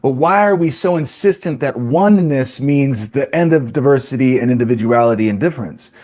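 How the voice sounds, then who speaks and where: A man's voice: medium pitch, fairly quick, darkish tone. Male podcast host, mid-range voice, reflective, thinks aloud with rhetorical questions. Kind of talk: philosophical discussion.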